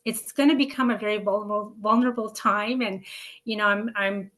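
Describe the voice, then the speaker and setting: A woman's voice: medium pitch, steady tone, fairly quick, a bit bright. A woman doula giving earnest advice to expecting parents, speaking with frequent ums and restarts. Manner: earnest, filler-heavy, many ums and restarts. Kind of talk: educational talk to camera.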